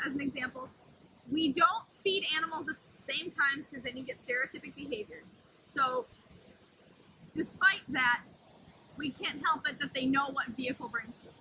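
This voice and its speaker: A woman wolf caretaker talks enthusiastically to the camera outdoors next to the wolf pens, casually explaining things and addressing the wolves in a high sing-song voice. Her tone is sharp. The low-quality recording has a little hiss or hum.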